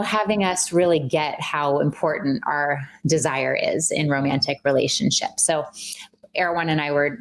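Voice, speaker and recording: A woman with a low-pitched voice tells a story as a relationship coach on a podcast, slipping into the voices of the people she quotes. The talk is loose and conversational. A faint hiss sits under her voice. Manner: animated, acts out quoted dialogue.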